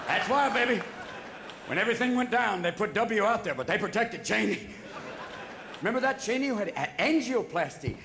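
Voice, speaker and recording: A man doing stand-up comedy on a theater stage, talking rapid-fire and breaking into voices and shouted bursts. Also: sits high, expressive, creaky. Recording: live theater recording with audience noise. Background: audience laughter and applause.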